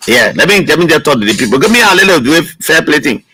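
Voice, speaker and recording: A man's voice: fairly high pitch, big pitch swings, fast talker, sharp tone, slightly rough, dry recording, low-quality recording. A man with a Liberian English accent hosting a call-in radio talk show, arguing hard and repeating words.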